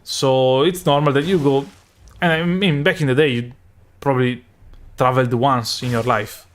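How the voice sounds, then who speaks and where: A man's voice: medium pitch, fairly even intonation, normal speed. A man streaming a game live, chatting casually and rambling with many fillers and restarts. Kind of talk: casual chat while gaming.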